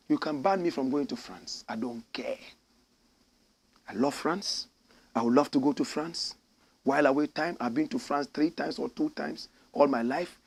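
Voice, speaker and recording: A man with a Ghanaian English accent giving fiery, indignant commentary as a show host, swinging from shouts to low, pointed lines. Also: creaky, slightly rough. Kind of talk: impassioned commentary.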